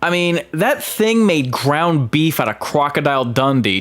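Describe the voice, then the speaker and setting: A man's voice: on the high side, expressive, a little slow. A man giving casual film commentary, emphatic, with frequent fillers and restarts. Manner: emphatic, with many ums and restarts.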